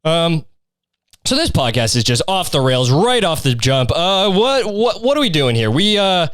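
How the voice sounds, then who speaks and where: A man's voice: a little high, big pitch swings, unhurried, fairly bright tone, smooth, dry recording, clean studio sound. A young man hosting a solo comedy podcast, rambling through a crude, insult-heavy rant. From Canada. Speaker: podcast host.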